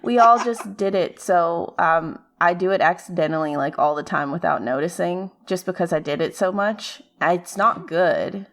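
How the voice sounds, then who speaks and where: A woman's voice: on the low side, normal speed, few pauses, a bit bright. A woman chatting as a podcast guest in a hesitant, self-deprecating way. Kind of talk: casual chat.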